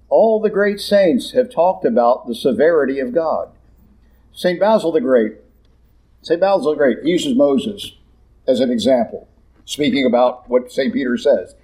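Blunt, mellow-voiced male preacher. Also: medium pitch, normal speed, poor audio. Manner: blunt, conversational preaching with slangy asides. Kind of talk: sermon.

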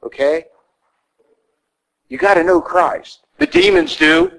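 A man preaching a sermon, emphatic and rhetorical, pushing his voice up high to stress key words. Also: huge pitch swings, takes it slowly, creaky, a bit bright, low-quality recording. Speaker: priest.

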